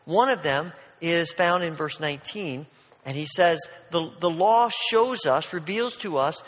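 A man with a high voice preaches in an earnest, emphatic way, often doubling back to repeat words mid-sentence. His voice carries a long, lingering reverb, as in a large church sanctuary. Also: a bit bright. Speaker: pastor. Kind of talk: sermon.

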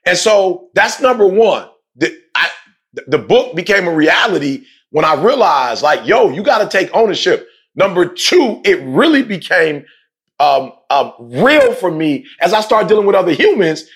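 A man talks with passion, repeating key points and dropping slang in casual conversation. His voice sits high and carries a gravelly fry. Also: moderate pace. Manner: emphatic, repetitive, slangy, animated.

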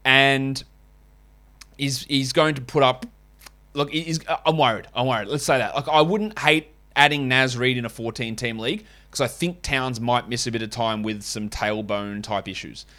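A man's voice: mid-range voice, normal speed, pushed and bright. Man, podcast host, casual and wry, rambling asides. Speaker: fantasy basketball podcast host. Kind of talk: casual podcast chat and host-read ads.

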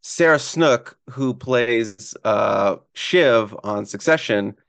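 Hoarse, excitable male podcast host. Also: medium pitch, slow, dry recording. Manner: rambling, excitable, with restarts. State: hoarse, strained voice. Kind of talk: casual sports podcast chat.

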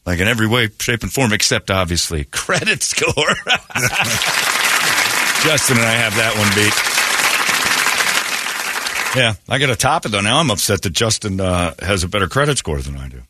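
A man's voice: on the low side, animated, normal speed, long pauses, a loud crowd, heavy background noise. A man hosting a morning radio show, joking and rambling with his co-hosts and laughing often. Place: radio studio.

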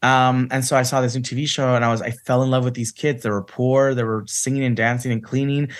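A guest actor from Santa Ana, California, tells stories in a chatty interview, his speech full of "like" and "you know." His voice sits at medium pitch, with a flat delivery and a quick pace. It's casual storytelling talk.

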